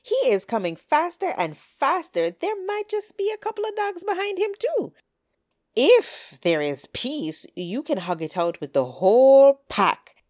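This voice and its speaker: A woman voicing a wary, sharp-witted old hen who speaks in a dry, skeptical, teasing way. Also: high voice, very animated, unhurried, dry recording, voice pushed up.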